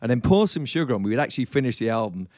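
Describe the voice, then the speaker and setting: A man's voice: mid-range voice, animated, very fast, a little mellow, no room sound. A man, a rock musician guest, telling a studio story in an interview. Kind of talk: interview anecdote.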